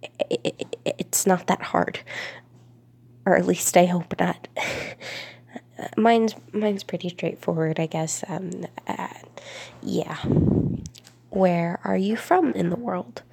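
A young woman from Florida with a congested, stuffy voice chats unhurriedly to her viewers. Her fairly low voice carries a gravelly fry, and she often sinks into soft whispers. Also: takes it slowly, long pauses. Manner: soft, drifting into whispers, laughs between answers. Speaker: vlogger. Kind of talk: casual talk to camera.

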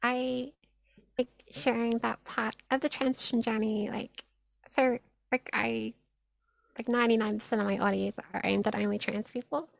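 A woman's voice: a little high, level tone, moderate pace, vocal fry, no echo, poor audio. A young woman, an audio creator, answering interview questions casually, upbeat, with frequent laughs and lots of "like". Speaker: audio content creator, guest.

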